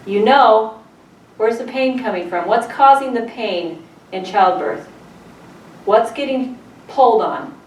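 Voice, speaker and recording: Speaking slowly with many pauses, a middle-aged childbirth educator shares stories with her class and puts questions to them. Her voice is a little high and expressive, heard from a distance in a roomy space with faint background noise.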